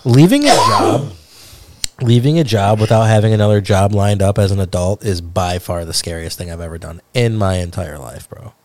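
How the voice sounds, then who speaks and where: A man's voice: lowish voice, very animated, normal speed, a little mellow, a little hiss or hum. A man co-hosting a casual podcast chat, rambling with lots of fillers and slang. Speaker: podcast co-host. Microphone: headphones.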